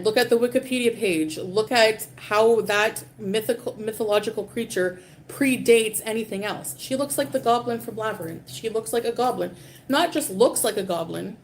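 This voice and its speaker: A woman's voice: medium pitch, slight background noise. A woman livestreaming, ranting casually in a dismissive, profane and rambling way.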